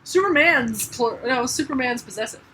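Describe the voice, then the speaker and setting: A woman co-hosting a podcast in casual comedic chat, sarcastic and quick with jokes, laughing often. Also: sits high, expressive, sharp tone, slight background noise, low-quality recording. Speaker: podcast co-host.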